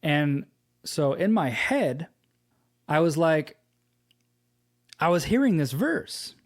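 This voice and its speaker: Slow, earnest male preacher. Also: a little high, sing-song. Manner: slow, earnest storytelling with scripture quotes. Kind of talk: devotional teaching with personal story.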